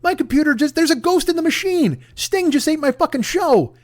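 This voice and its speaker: A man in his forties hosting a solo comedy podcast, ranting off the cuff, swearing a lot and jumping into loud shouted bits. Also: very high voice, lively intonation, fairly quick, no echo, studio quality. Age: 40s. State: shaken up and jittery. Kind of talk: improvised comic monologue.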